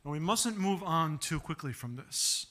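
A man's voice: on the high side, expressive, normal speed, pushed and bright. A man preaching a sermon, earnestly asking rhetorical questions and acting out bits of dialogue. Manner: asks rhetorical questions and acts out quoted dialogue; earnest, repeats words as he builds points. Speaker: pastor.

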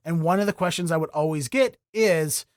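A man's voice: on the high side, brisk, dry recording, studio quality. A man from the Baltimore area hosting a casual podcast chat, telling stories with frequent laughs. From Baltimore area, USA. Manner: laughs often, animated storytelling. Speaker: podcast host.

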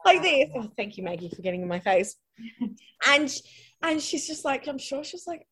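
An Australian woman, her voice sitting a bit high, tells her story in a loose, chatty way. She fills her sentences with little "likes" and keeps the conversation flowing easily. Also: big pitch swings, normal speed, a bit bright. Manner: chatty, lots of "like" fillers, laughs while telling. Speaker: podcast guest. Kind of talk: casual personal storytelling.

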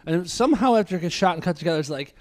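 A man's voice: sits high, lively intonation, racing, darkish tone, no echo. A man who writes comedy sketches, chatting in a wisecracking, self-deprecating way on a podcast. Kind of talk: casual chat.

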